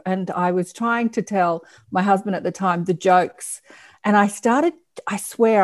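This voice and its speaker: An Australian woman from Sydney, a podcast guest, chatting casually over a video call and telling stories animatedly. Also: mid-range voice. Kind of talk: casual chat.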